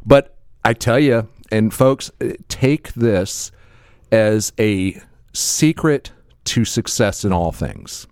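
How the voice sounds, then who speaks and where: A man's voice: on the low side, big pitch swings, slow pace, a little mellow, dry recording, studio quality. A man co-hosting a podcast in casual chat, laughing often and stumbling over repeated words. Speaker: podcast co-host.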